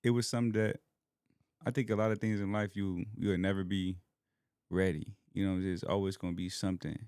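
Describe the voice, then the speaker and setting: This young podcast guest from Alabama opens up about faith and family in a casual, heartfelt, emotional way. His voice sits low and is steady, fairly quick, clean, and darkish in tone, recorded dry at studio quality.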